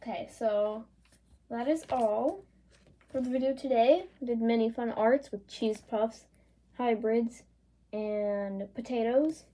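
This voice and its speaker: Playful woman doodle-vlogger, higher pitch, soft husky tone, casual chatty delivery. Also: slow. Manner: playful, chatty, reads prompts in lively voices. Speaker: art channel creator. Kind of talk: casual drawing commentary.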